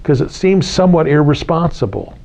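A man's voice: on the high side, expressive, a little fast, a little mellow. A man, a spiritual teacher talking casually to a small group, repeating key phrases and asking his listeners questions. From United States. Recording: slightly dull lo-fi recording.

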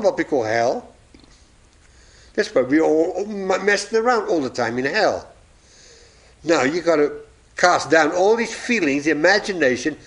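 A man preaching a sermon, telling illustrations and acting out the voices in his stories, chuckling at his own jokes. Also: a little high.

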